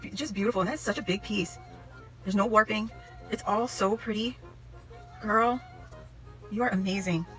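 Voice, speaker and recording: A woman with a bright, forceful voice gushes over a package she is unboxing, talking straight to her viewers. She exclaims again and again in delight as she goes. Faint music plays softly behind her. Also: medium pitch, moderate pace, pauses often, rough recording. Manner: gushing, excitable, repeats "oh my gosh". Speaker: craft vlogger opening a gift package. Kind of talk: casual unboxing chat to camera.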